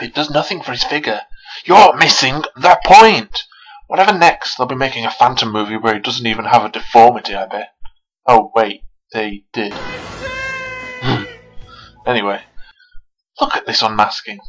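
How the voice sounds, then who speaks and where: Husky sarcastic man reviewing films. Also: medium pitch, poor audio. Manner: sarcastic, animated, mocking. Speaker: film reviewer. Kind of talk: scripted video review narration.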